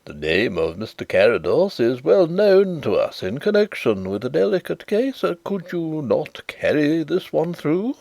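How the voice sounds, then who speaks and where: A man's voice: a little high, sing-song, unhurried, vocal fry, few pauses, a little mellow, voice pushed up, full character voice. A man reading an audiobook, voicing an elderly, helpless company director in a whispering, confiding voice. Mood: pleading. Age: older.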